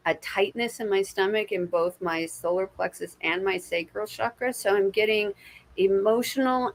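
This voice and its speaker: A woman giving live intuitive readings to viewers on a stream, casual and encouraging, with plenty of swearing and pet names like babe and my friend. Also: mid-range voice. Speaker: intuitive reader.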